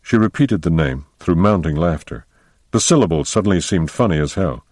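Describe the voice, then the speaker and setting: A man narrating an audiobook in a measured storytelling manner. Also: sits low, lively intonation, a little mellow, dry recording, studio quality.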